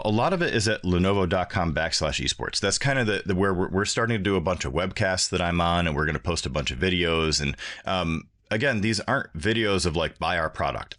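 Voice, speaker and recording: A man's voice: deep voice, expressive, a little fast, fairly bright tone. A middle-aged man talking casually as a podcast guest, rambling a little with restarts. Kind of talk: casual chat.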